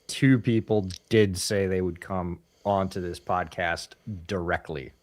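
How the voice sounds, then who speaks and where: Podcast co-host, man, lowish voice, casual storyteller who acts out quotes, dry close sound. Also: fairly even intonation, unhurried, no room sound.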